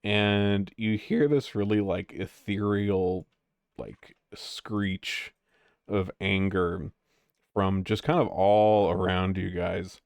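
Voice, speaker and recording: A man's voice: low voice, level tone, slow, a little mellow, no echo. A man narrating as game master of a tabletop game, rambling with lots of fillers.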